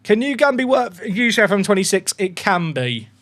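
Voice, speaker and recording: A young man streaming a football management game, talking straight to his chat. His slightly high voice swings wildly up and down as he reacts, and he swears casually between bursts of excitement. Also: moderate pace. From England. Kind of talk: live gaming commentary.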